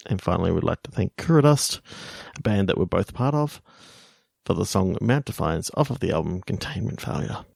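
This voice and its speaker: A man co-hosting a podcast in casual chat, halting and searching for his words. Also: low voice, expressive, vocal fry, a little mellow, dry recording, studio quality. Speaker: podcast co-host.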